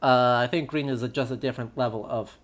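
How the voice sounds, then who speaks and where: Brief: young man, history streamer, easygoing chatter with fillers, mid pitch. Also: steady tone, fast talker. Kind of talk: casual live-stream commentary.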